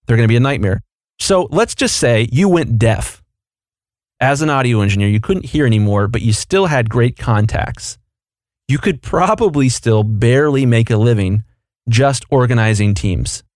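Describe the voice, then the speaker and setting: A man co-hosting a podcast explains things in a coaching way during casual chat. His voice is mid-pitched and recorded dry and close to the mic. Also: animated, moderate pace, a little mellow, no room sound. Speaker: podcast co-host.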